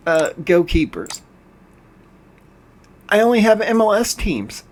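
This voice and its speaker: An older man hosting a gaming channel, commenting on a game while playing, frustrated and ranting, often stumbling and restarting his words. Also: high voice. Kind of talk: game commentary over screen capture.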